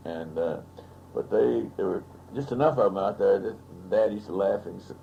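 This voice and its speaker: A man's voice: deep voice, moderate pace, vocal fry, mellow, muffled recording. An older man from Texas telling family anecdotes in an oral history interview, in a relishing, raconteur's manner. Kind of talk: storytelling interview. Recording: archival audio with faint hiss.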